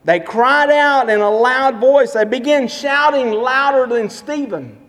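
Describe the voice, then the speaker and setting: A man's voice: very high voice, a little slow, fairly bright tone. A pastor preaching a sermon in a church, emphatic and repetitive as he tells stories and drives his points home. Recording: long hall reverb.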